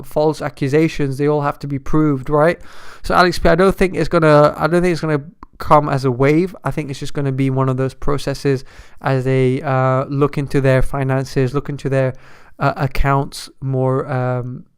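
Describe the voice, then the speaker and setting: A man's voice: fairly high pitch, clear, resonant tone. A man hosting a casual live stock market stream, talking loosely and rambling, restarting his phrases as he answers viewers' chat messages. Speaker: stock market livestream host.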